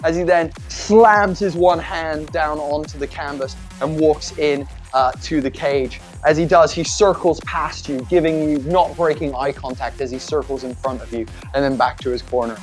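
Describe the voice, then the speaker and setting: A man narrating a tabletop game as game master, animated, loose and jokey, full of filler words. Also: on the high side, normal speed, few pauses, faint music behind.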